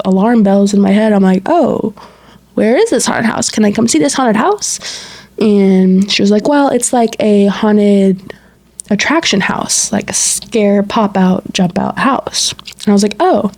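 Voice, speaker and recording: Mellow-voiced woman telling a story. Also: medium pitch. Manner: animated retelling with quoted dialogue and frequent "like". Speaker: podcast co-host. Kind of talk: casual storytelling chat.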